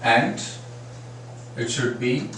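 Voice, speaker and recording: A man's voice: mid-range voice, animated, drawn-out words, a bit bright. A man teaching phonetics, patiently repeating sample words to demonstrate each sound. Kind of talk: classroom lecture. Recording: very echoey room, far from mic, faint noise.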